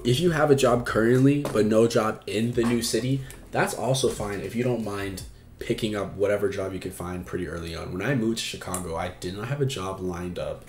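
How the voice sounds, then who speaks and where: A man's voice: fairly low pitch, darkish tone, slight background noise. Man, advice stream host, casual frank chat, lots of fillers, echoey room at home. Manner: frank and chatty, swears freely, many fillers.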